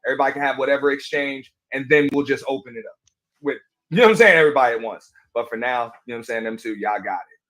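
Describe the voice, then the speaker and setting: A man's voice: medium pitch, racing, fairly bright tone. A man moderating a live panel, laid-back and managing who speaks when.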